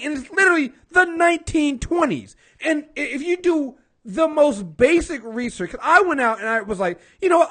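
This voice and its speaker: A man's voice: very high voice, a bit bright. A man co-hosting a casual film review podcast, blunt and passionate, repeating words as he gets fired up, and he has been drinking.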